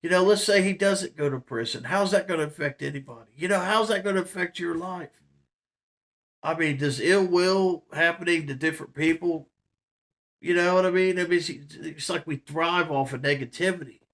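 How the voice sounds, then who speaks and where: A man's voice: on the high side, normal speed, fairly bright tone. A man telling a story to the camera in a rambling, casual way, with lots of fillers and laughs. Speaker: vlogger.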